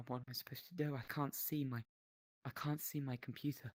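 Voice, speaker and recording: A man's voice: medium pitch, fairly quick, no room sound. A young man rambling through an absurd mock lecture in a VR chat, on a headset mic. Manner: rambling, absurd, deadpan silliness.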